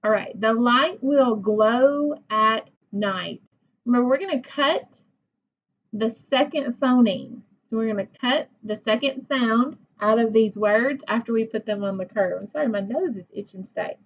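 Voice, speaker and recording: A woman teacher leading a phonics lesson for young children. She talks slowly and patiently, sounding out words and praising each answer. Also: fairly high pitch. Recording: dull lo-fi recording.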